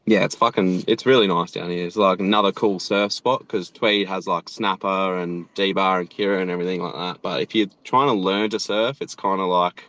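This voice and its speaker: A man's voice: low voice, steady tone, normal speed, hardly any pauses, fairly bright tone, no room sound, dull audio. A man in his thirties with an Australian accent, chatting casually as an interview guest, laid-back and swearing freely. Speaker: animator and show creator, guest.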